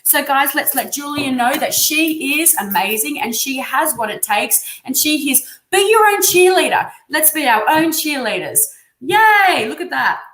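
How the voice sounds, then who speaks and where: A woman's voice: high voice, expressive, normal speed, few pauses, a bit bright. Effusive Australian woman reading tarot live. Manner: effusive, encouraging. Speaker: tarot reader. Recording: echoey room sound.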